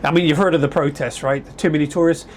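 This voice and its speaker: A man's voice: fairly high pitch, steady tone, quick pace, slight background noise. A man vlogging casually to camera, chatty and rambling with frequent self-corrections, at home indoors. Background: air conditioner humming.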